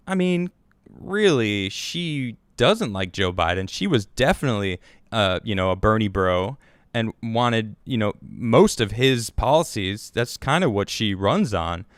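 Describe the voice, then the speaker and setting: A man's voice: medium pitch, clean tone, no echo. Sarcastic man ranting on politics. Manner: animated, sarcastic, rambling with restarts. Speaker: show host. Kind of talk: political commentary monologue.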